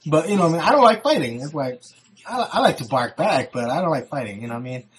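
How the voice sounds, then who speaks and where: A man's voice: a little high, quick pace, husky. Young man telling stories with slang. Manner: animated retelling, acting out quotes, heavy slang and swearing. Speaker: vlogger. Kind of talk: casual storytelling.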